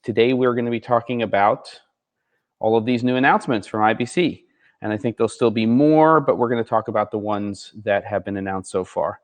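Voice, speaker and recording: A man's voice: fairly low pitch, fairly even intonation, fairly quick. A man hosting a live gear show, chatting casually with viewers and reading out their comments, in a slightly sleepy morning voice. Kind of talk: casual live-stream chat. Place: second floor of a barn studio.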